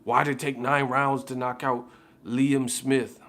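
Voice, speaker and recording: A man's voice: mid-range voice, level tone, unhurried, a bit bright. Heated, profane male boxing commentator. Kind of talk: casual rant.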